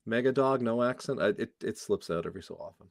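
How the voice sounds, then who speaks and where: A man's voice: lowish voice, fast talker, gravelly, no echo, studio quality. A man from New Hampshire with a New England accent, co-hosting a livestream, joking with his partner and reading out viewer names. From New Hampshire, USA. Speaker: co-host of a coin livestream. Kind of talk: casual livestream chat.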